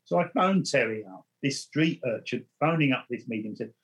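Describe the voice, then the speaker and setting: A man's voice: medium pitch, animated, moderate pace, breathy edge, rough recording. A man, a medium, earnestly recounting his experiences in conversation and often restarting his words. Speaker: spiritual medium. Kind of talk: storytelling in conversation.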